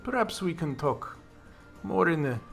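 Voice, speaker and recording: A frail old fortune teller woman, as a man puts her on, speaks in a raised, thin voice, gentle and courteous with a sly edge. Her words come slow and careful over faint music. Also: on the high side, sing-song, pitched above the performer's own voice.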